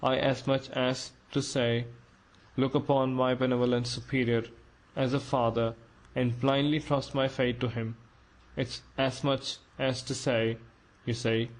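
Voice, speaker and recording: A man's voice: medium pitch, level tone, measured pace, close to an everyday voice, poor audio. A man voicing a timid, anxious middle-aged clerk who pleads in a flustered way. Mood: timid pleading.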